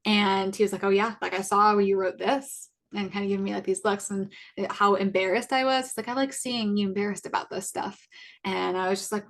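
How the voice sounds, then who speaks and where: A woman in her twenties, a podcast co-host, telling a personal story in a casual, halting way, full of fillers and self-corrections. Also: medium pitch, steady tone, vocal fry. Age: 20s.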